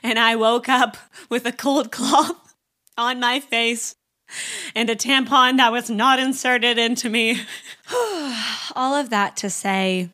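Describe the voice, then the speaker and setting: Slow-paced and a little high, this podcast host's voice comes across pushed and bright. The young woman relates a personal story in a casual monologue, candid and chatty with heavy use of "like," tossing in blunt asides and not shying from awkward subjects.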